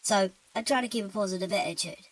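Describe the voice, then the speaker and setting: A woman's voice: medium pitch, fast, slightly rough, lightly acted, rough recording. A woman doing a tired, laid-back British demon. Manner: casual, offhand, tired. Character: weary, easygoing male demon on the job. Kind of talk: horror-comedy story narration.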